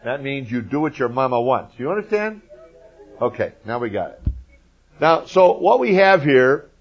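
A male preacher explaining scripture with emphasis and folksy asides to the audience. His voice sits in a middle pitch, and the recording sounds muffled and lo-fi. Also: expressive, moderate pace, creaky, breathy edge. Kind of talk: Bible teaching.

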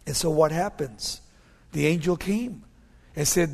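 A man preaching a sermon as a pastor, telling stories animatedly and often dropping to hushed tones. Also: fairly high pitch, unhurried, creaky, big-room sound.

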